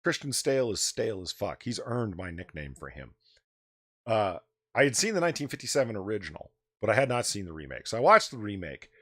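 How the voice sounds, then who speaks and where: A man with a low voice, talking with a lively, swinging pitch. He rants and swears freely as he hosts a casual livestream chat, recorded dry and close on a desk microphone. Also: a little fast, no room sound. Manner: animated, profane, ranting. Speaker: podcast host.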